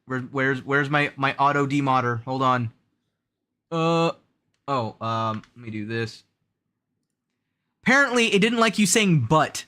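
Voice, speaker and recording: A man's voice: medium pitch, expressive, unhurried, long pauses, bright, forceful tone. A young man chatting casually on a gaming livestream, self-mocking and laughing often as he reads chat aloud. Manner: counts jump timing aloud in a rhythmic sing-song. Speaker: streamer.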